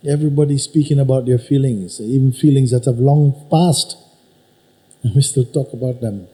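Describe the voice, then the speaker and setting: A man teaching at a spiritual gathering, unhurried and emphatic, probing his listener with repeated questions. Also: medium pitch, warm tone, poor audio. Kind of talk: satsang teaching talk. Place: teaching hall with an audience.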